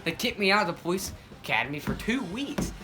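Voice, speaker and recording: Goofy animated comic storyteller. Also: mid-range voice, fast talker, over music, rough recording. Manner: goofy, animated, self-correcting. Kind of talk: rambling improvised comic story.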